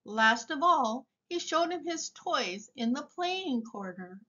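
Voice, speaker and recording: A woman reading a picture book aloud for young children in a slow, expressive way. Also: sits high, highs cut off. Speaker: storybook reader.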